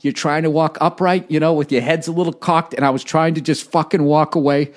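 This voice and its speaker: A man's voice: on the high side, fairly even intonation, brisk. A man in his forties, a comedian telling rambling, profane, self-mocking stories in casual conversation. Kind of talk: conversational storytelling.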